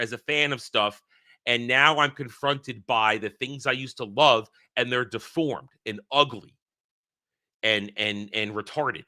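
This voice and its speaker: A man with a medium-pitched, bright, forceful voice hosts his own channel. In a casual solo monologue, he tells a long dream story, rambling and heated, restarting many times.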